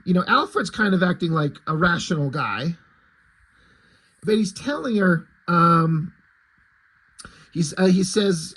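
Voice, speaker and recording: A middle-aged man rambling through a comic book review with sarcasm and plenty of swearing. His voice is husky and sits on the higher side for a man. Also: animated, takes it slowly, long pauses, a bit bright, low-quality recording. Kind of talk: casual video review.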